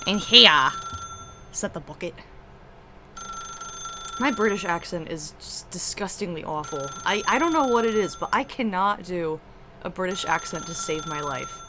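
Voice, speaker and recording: A woman's voice: on the low side, animated, brisk, noisy background. A woman streamer giving chatty, giggly commentary over a game. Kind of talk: casual gameplay commentary. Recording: stream audio with game music behind.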